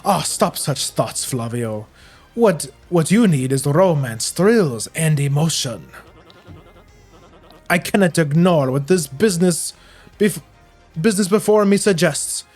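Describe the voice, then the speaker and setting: A man's voice: on the high side, animated, slow pace, darkish tone, breathy edge, faint music behind, exaggerated voice. A man voicing a vain, flamboyant male merchant with a put-on Spanish accent, reading a game's dialogue aloud. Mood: grandiose. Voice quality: flamboyant, grandiose, dramatic.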